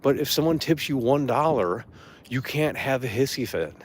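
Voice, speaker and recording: An expressive man with a mid-range voice and moderate pace rants in casual conversation as a streamer. Angry and profane, he mocks whoever annoyed him, mimicking them in a raised voice, while a little hiss or hum runs in the background.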